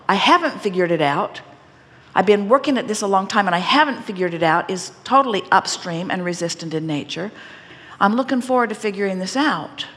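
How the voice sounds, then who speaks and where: A woman gives an inspirational seminar talk to a room full of listeners. She speaks as a collective "we", deliberate and gently teasing, at a medium pitch. Her voice carries a long reverb from the hall. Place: seminar room with a live audience.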